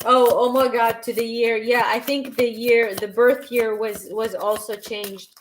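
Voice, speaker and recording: A woman doing a live-stream tarot reading, reading chat questions aloud and answering them in a halting way, with frequent restarts. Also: fairly high pitch, level tone, a little hiss or hum, poor audio. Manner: slow and unhurried. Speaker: tarot reader.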